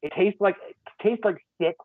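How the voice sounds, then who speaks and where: A man's voice: high voice, moderate pace, dry recording. A man in a casual podcast chat, ranting in an exasperated, profane way. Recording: tinny phone-like line.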